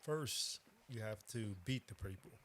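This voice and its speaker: Man, co-host, short calm interjections, fairly low voice. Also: measured pace. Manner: brief, low-key interjections.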